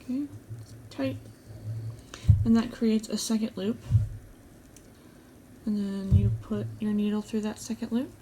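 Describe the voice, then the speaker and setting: A woman hosting an embroidery tutorial, calmly explaining each step as she works with her hands at a table. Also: medium pitch, unhurried, pauses often, slight background noise. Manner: calm, step-by-step explaining while stitching. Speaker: embroidery channel host.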